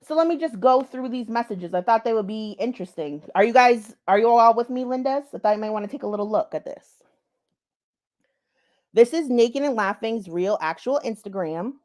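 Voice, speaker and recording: A woman's voice: on the high side, expressive, moderate pace, darkish tone. A woman vlogger giving blunt, profane commentary and talking straight to her viewers. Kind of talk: casual drama commentary.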